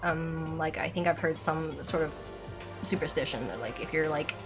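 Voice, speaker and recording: A young woman streamer giving rambling, animated commentary while playing a video game. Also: low voice, normal speed. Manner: rambling, animated, exasperated laughter. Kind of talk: casual let's play commentary. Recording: game music loud underneath.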